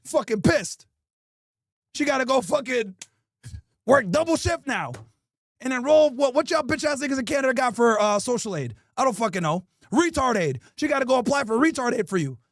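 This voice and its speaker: A man's voice: very high voice, animated, normal speed, dry recording, clean studio sound. Crude mocking man roasting someone. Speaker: host. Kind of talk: improvised comedy roast.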